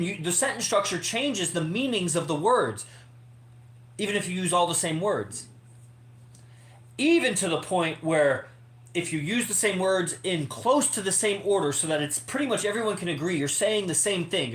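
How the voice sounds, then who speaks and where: Man, podcast host, emphatic rambling monologue, swears freely, slightly high voice, echoey room. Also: fairly bright tone. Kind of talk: casual monologue to members.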